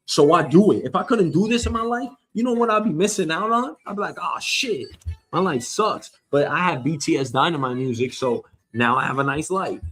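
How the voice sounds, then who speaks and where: Faint music plays behind a man hosting a comedic news show alone, his voice on the high side and a bit bright. He talks fairly quickly with few pauses, rambling, cursing and bickering with an imaginary listener.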